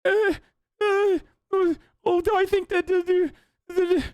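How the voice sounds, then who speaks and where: A man voicing an anxious young male student who stammers and halts through a debate, his voice pitched high. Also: little pitch movement, takes it slowly, darkish tone, no echo, studio quality. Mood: mock-nervous.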